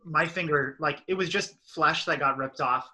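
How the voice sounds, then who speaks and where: A man's voice: a little high, normal speed, pushed and bright, rough recording. A young man co-hosting a casual chat, talking loosely with many fillers and explaining a project step by step. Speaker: podcast co-host.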